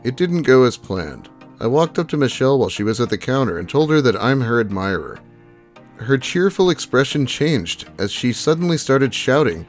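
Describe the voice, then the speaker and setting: A man's voice: medium pitch, very animated, a little fast, faint music behind. A man hosting an online video, reading posts aloud and adding dry, sarcastic asides. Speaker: YouTube host reading Reddit posts.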